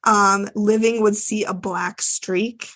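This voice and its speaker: A woman's voice: medium pitch, steady tone, slow, a bit bright. A woman co-hosting a podcast, recapping a TV episode in casual, chatty talk with plenty of fillers and swearing. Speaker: podcast co-host.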